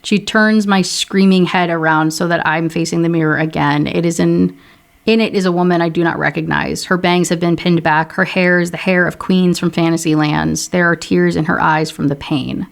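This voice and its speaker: A woman's voice: lowish voice, steady tone, gravelly. A young woman reviewing a book, reading passages aloud with casual asides in between. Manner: brisk reading, casual asides, slips into character voices.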